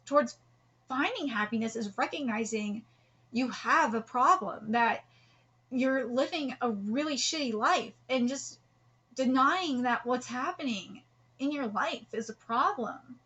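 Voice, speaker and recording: Woman host, high bright voice, earnest live reaction commentary with restarts. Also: lively intonation, measured pace, lo-fi sound. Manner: earnest, heartfelt, rambling with restarts. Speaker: host reacting to a manga chapter.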